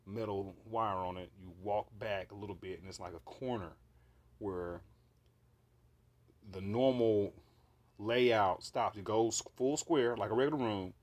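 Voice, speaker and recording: A man recounting a vivid dream in a casual monologue, swearing freely and rambling with fillers and restarts. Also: fairly low pitch. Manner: profane, animated, rambling with fillers.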